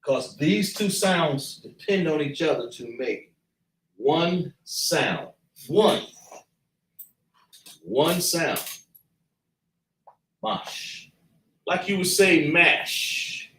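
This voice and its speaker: Slow man teaching in an echoey room. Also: fairly high pitch, lively intonation, fairly bright tone, far from the mic. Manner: slow, patient, repeats sounds, thinks aloud. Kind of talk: slow classroom lesson at a chart.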